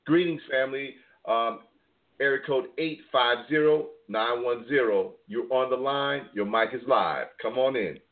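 A man's voice: mid-range voice, unhurried. A man hosts a family call-in, steering each caller and repeating his thanks for emphasis. His voice sits in an ordinary middle range. It comes through a thin, tinny phone line. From New York. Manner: emphatic, repeats phrases for warmth.

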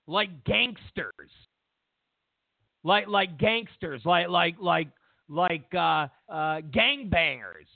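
A man's voice: sits high, expressive, very slow, vocal fry, no echo. A man hosting a political commentary show, talking emphatically and mockingly, often repeating himself. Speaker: host. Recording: dry, tinny phone-like sound.

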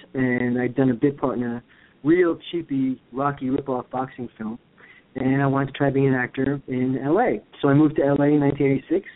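A man in his fifties from the USA, co-hosting a casual chat, playful and chatty with easy laughs. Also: medium pitch. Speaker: co-host, actor. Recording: tinny phone line.

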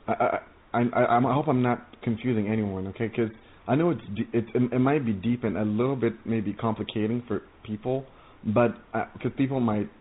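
Male preacher, earnest stumbling testimony, tinny lo-fi line. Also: lowish voice. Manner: halting, repeats words, earnest. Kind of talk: testimony sermon. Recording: tinny phone-like audio.

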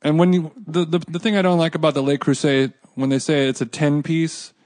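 A man's voice: on the high side, little pitch movement, brisk, a little mellow. Joking man hosting a casual chat. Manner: joking, teasing banter. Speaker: podcast host.

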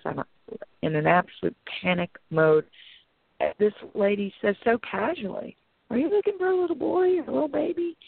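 Speaking over a phone line with no echo, a guest pastor and author tells an emotional personal story that turns into preaching. Her voice is gravelly and fairly low, and she retells events earnestly and dramatically, quoting her own inner thoughts.

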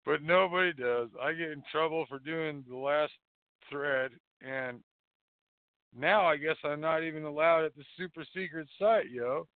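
Dude rambling slow on his call-in show, cussing and joking around, sounds like it's over a phone line. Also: on the high side, no room sound. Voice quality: profane, jokey, mocking. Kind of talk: casual rambling monologue. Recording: phone-like dry lo-fi audio.

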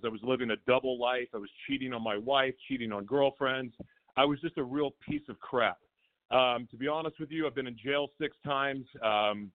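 Man telling his story over a tinny phone. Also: medium pitch. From Oklahoma. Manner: emotional, rambling, self-correcting storytelling. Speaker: guest calling in. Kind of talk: candid personal testimony.

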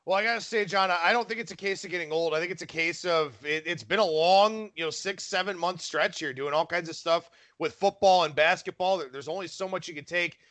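A man hosting a sports betting radio podcast, talking casually and briskly with his guest. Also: high-pitched, a bit bright.

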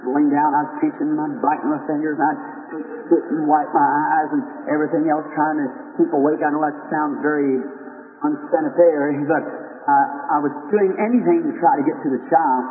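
A man's voice: on the high side, steady tone, brisk, phone-quality sound. A man preaching an earnest, rambling storytelling sermon, calling his listeners friends, in an old 1940s recording from a meeting hall. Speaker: evangelist preacher.

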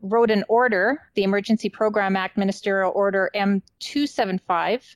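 A woman speaks on a talk radio show, earnest and hesitant, with many fillers. Her voice sits at a middle pitch. The sound is dry and close. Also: steady tone, moderate pace, dry recording, rough recording. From British Columbia, Canada. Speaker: regular radio show contributor.

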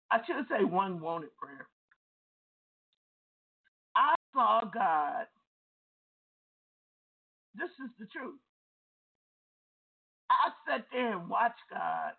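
A deliverance preacher recounting a testimony in an unhurried, emphatic way, repeating phrases and restarting often. The voice is gravelly and husky, and the recording sounds tinny and phone-like. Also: mid-range voice. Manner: repetitive, emphatic storytelling with restarts. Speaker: deliverance minister.

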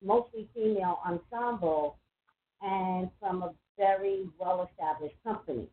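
A woman's voice: fairly low pitch, a little hiss or hum. A chatty woman hosts a psychic call-in show, talking in an emphatic, rambling way. Her voice comes through thin and tinny, like a phone line. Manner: chatty, emphatic, quick asides. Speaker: psychic radio host. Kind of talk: casual call-in talk.

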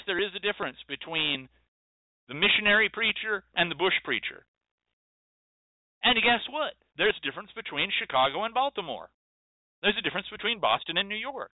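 Brief: impassioned male host, rhetorical and forceful, fairly high voice, phone-like and dry. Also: dry recording. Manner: emphatic, preachy, repeats phrases for effect. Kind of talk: impassioned monologue. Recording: dry tinny phone-like sound.

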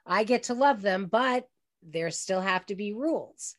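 A woman's voice: medium pitch, lively intonation, unhurried. An older woman hosting an online radio talk show, telling heartfelt personal stories to her guest.

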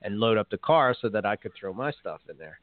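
A man's voice: fairly low pitch, lively intonation, a little fast, dry recording. A man co-hosting a podcast in casual chat, telling rambling stories and laughing mid-sentence. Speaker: podcast co-host. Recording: tinny phone-like sound, dry.

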